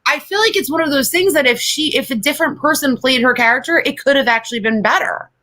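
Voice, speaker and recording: A woman's voice: sits high, fast, sharp tone. A woman co-hosting a podcast, chatting casually, blunt and opinionated and swearing freely. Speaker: podcast co-host. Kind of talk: casual chat.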